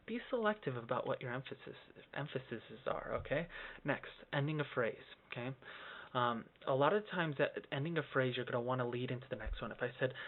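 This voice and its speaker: A man giving a casual singing lesson on phrasing, explaining in loose bursts and ending points with a questioning "okay?". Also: mid-range voice. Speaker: singing teacher. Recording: tinny phone-like lo-fi sound.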